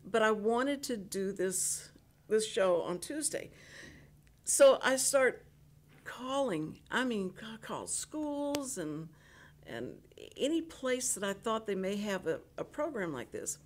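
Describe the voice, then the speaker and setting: A woman's voice: medium pitch, slow. An older woman, hosting a casual radio interview and telling chatty stories full of restarts. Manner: chatty, animated storyteller with many restarts. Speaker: radio host.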